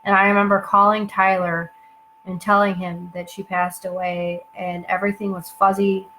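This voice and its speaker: A young woman telling a personal story at home, halting, with many fillers and asides. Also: medium pitch, little pitch movement, sharp tone, a little hiss or hum, rough recording. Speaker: channel host telling her story.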